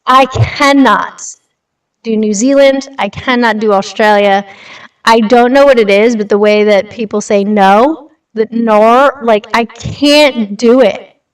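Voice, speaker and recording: A young woman with a higher, smooth and clear voice hosts a casual livestream. She is blunt and chatty and swears now and then. She sits a little back from the mic, and a light reverb hangs on her voice. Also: a little slow. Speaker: livestream host. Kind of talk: casual livestream chat reading news. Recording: slightly distant with light reverb.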